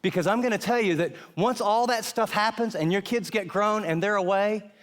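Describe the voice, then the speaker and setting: A middle-aged man gives a sermon in a slightly high voice. He preaches with earnest emphasis, yet keeps it conversational and direct. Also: moderate pace. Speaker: pastor.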